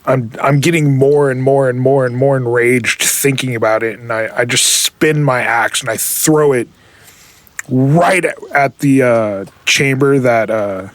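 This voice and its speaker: A man playing a tabletop role-playing game, describing his character's actions with growing intensity. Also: mid-range voice. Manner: intense, rising fast when worked up. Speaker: player.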